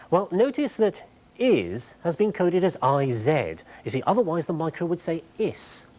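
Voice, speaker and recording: Lively man explaining technology. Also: on the high side, moderate pace, poor audio. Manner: clear, explanatory, lightly humorous. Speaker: TV presenter. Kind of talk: explaining technology on a magazine show.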